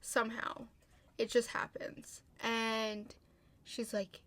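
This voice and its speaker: A woman's voice: on the high side, little pitch movement, a little slow, a bit bright. A young woman casually recapping a TV episode, chatty, swearing often and filling her sentences with "like.". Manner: chatty, heavy "like" fillers, frequent swearing. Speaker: TV show recapper.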